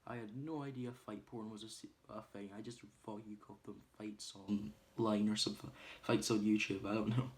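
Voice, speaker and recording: A man's voice: fairly low pitch, fairly even intonation, moderate pace, hardly any pauses. A man casually recapping a film's plot, rambling with lots of ums and uhs. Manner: acts out quoted lines loudly. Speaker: movie reviewer. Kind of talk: casual spoiler review.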